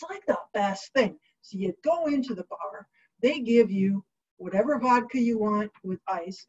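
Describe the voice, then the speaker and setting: A woman chats her way through a history story, breezy and jokey, full of fillers and little quoted asides. Her voice sits at an ordinary middle pitch. The recording sounds a bit dull and lo-fi. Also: darkish tone, husky. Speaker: host. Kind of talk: casual chatty history storytelling.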